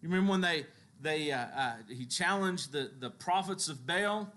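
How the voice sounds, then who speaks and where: Man preaching with animated storytelling. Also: normal speed. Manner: animated storytelling, acting out biblical quotes with shifts in pitch and loudness; chuckles between stories. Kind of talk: sermon.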